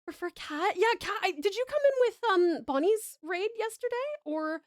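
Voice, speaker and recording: Australian woman, live streamer, high bright voice, dry close mic, effusive and casually profane. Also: lively intonation, normal speed, dry recording. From Tasmania, Australia. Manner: gushing, effusive thanks with casual swearing. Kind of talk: live stream chat with viewers.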